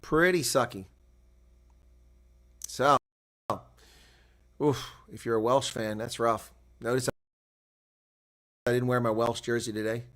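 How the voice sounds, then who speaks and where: A man giving live rugby play-by-play, shouting on big plays and chatting casually with viewers in between. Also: mid-range voice, steady tone, takes it slowly, long pauses. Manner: reads viewer chat aloud. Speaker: play-by-play commentator. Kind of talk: live sports commentary.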